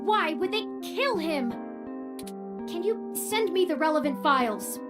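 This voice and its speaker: Woman doing earnest robot boy, very high, slow, soft, loud music behind. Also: animated. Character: earnest young male robot, polite and searching.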